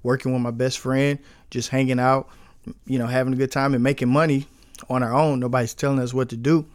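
Relaxed man telling a business story. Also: medium pitch, brisk, dry recording. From St. Louis. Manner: relaxed storyteller, with frequent fillers and quoted dialogue. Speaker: guest, business owner. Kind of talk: storytelling in a podcast interview.

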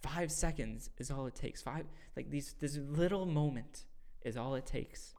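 A man hosting a casual faith discussion, explaining a scripture passage earnestly and acting out quoted voices in loud bursts. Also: mid-range voice, a little slow, creaky. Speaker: podcast host teaching scripture.

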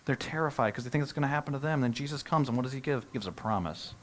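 A middle-aged male pastor preaching a sermon, animated, acting out the disciples' reactions and dropping to a hush for solemn points. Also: medium pitch, racing, hardly any pauses, a little hiss or hum.

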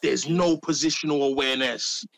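A man's voice: mid-range voice, moderate pace, creaky, no echo. A man in casual, teasing football banter with friends. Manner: animated, teasing, slangy. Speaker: podcast co-host.

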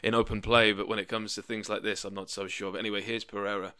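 Chatty guy, bright crisp voice. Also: fairly low pitch, fast, no echo, studio quality. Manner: excitable, chatty, laughs often. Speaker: podcast host. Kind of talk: casual live match chat.

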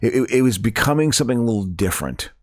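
A man's voice: mid-range voice, expressive, racing, no echo, studio quality. A man in his fifties co-hosting a casual chat, laughing often and stumbling into restarts. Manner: laughs a lot, stammering restarts. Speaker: podcast co-host. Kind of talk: casual chat watching a film.

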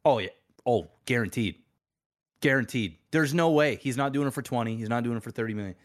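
A man's voice: medium pitch, fairly quick. Laid-back, slangy podcast man. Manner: laid-back, slangy, swears, many fillers. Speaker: podcast co-host. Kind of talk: casual chat.

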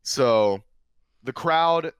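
A man on a casual podcast spins a lively gaming story, his voice getting louder and more excited as the tale builds. His tone is smooth and resonant, and it sits close to the mic in a dry room with no echo. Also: medium pitch, very slow. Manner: excitable, animated storyteller who drifts into shouting. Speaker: guest, former console champion.

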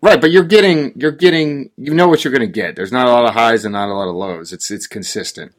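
A man's voice: mid-range voice, quick pace. A man from rural Oregon, co-hosting a casual chat and telling a ranting story with growing exasperation. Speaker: podcast co-host.

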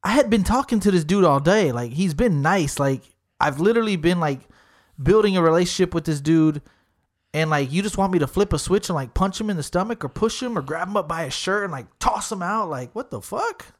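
A man's voice: high voice, expressive, brisk. A young man hosting a podcast, telling a story in a casual, rambling, profane way. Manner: profane, rambling, repeats "I was like". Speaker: podcast host.

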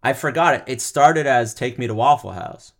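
A man's voice: mid-range voice, moderate pace. A young man co-hosting a podcast, joking around and rambling in casual chat, laughing often. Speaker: podcast co-host.

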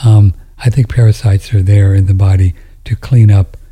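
Male host, low husky tone, loose rambling delivery with hushed asides. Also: fairly even intonation, normal speed. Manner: rambling, with frequent restarts and drops into near-whispers. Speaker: host answering viewer questions. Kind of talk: casual monologue.

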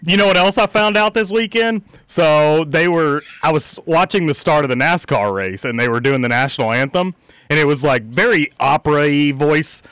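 A man's voice: fairly high pitch, moderate pace, a bit bright, smooth, no echo. A man co-hosting a sports radio show, bantering in a laid-back, playfully boastful way. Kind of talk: casual banter.

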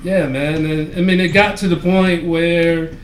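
Casual podcast co-host, male, high-pitched, profane and rambling; echoey room, faint background noise. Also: fairly even intonation, measured pace. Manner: profane, rambling anecdote telling with frequent fillers. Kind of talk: casual storytelling chat.

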